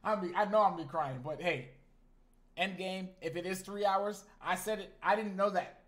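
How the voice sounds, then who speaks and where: A male streamer around his thirties, chatting casually and with lots of slang. His voice sits slightly higher than most men's, and he keeps turning to address his viewers directly. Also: normal speed. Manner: animated, slangy, talks to chat. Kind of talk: casual live-stream chat.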